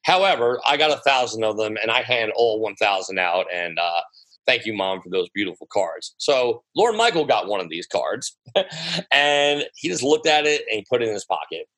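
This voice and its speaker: American man, guest DJ, New sound, bright voice, animated storyteller who swears freely, casual interview telling. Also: on the low side, moderate pace, low-quality recording. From United States. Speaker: guest DJ and producer.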